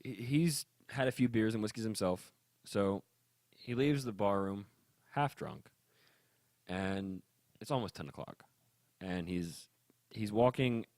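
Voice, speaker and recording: A man's voice: fairly low pitch, no echo. A man co-hosting a casual podcast, telling a long rambling joke and acting out the characters' lines. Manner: rambling storyteller with restarts and quoted voices. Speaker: podcast co-host.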